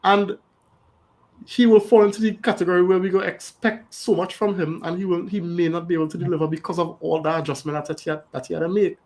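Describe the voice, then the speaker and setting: A man's voice: high-pitched, little pitch movement, fast, darkish tone, low-quality recording. A man on a fan panel in casual chat over a video call, thinking aloud and checking in with "right?" after his points.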